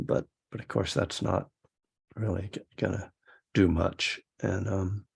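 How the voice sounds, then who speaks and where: A man teaching a meditation class, talking in a halting, reflective way with frequent restarts. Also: deep voice, steady tone, vocal fry, breathy edge. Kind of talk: casual dharma talk to a class.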